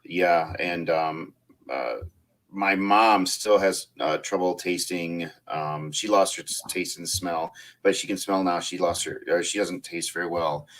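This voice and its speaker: A man hosting a casual podcast conversation, rambling with many pauses and fillers, laughing often. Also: sits low, steady tone, fairly bright tone. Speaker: podcast host. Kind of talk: casual chat.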